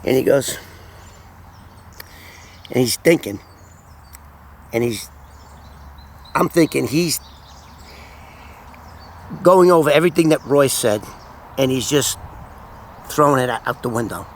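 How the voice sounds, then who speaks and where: A man in his sixties telling a story from his own past, animated and casual, often repeating words as he goes. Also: medium pitch, takes it slowly, long pauses, slight background noise. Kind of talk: casual first-person storytelling.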